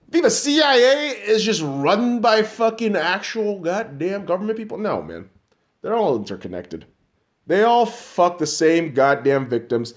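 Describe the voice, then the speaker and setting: A man hosting a podcast, ranting angrily and profanely, mocking imagined listeners and swinging from loud outbursts to low mutters. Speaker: podcast host.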